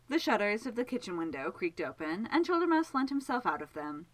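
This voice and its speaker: Expressive woman reading a story aloud. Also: medium pitch, a little fast, hardly any pauses, low-quality recording. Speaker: reader. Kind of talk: storybook narration read aloud.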